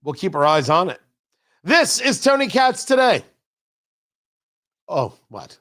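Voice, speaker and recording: A man's voice: high-pitched, sing-song, normal speed, fairly bright tone. A male radio talk show host giving opinionated political commentary from the studio, full of sarcastic, riffing asides.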